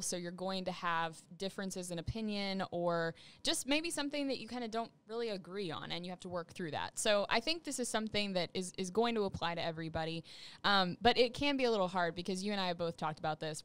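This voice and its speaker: A woman co-hosts a podcast in casual chat, teasing her partner with lively, animated delivery. Her voice sits at a mid pitch for a woman. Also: quick pace, clear, resonant tone, no echo. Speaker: podcast co-host.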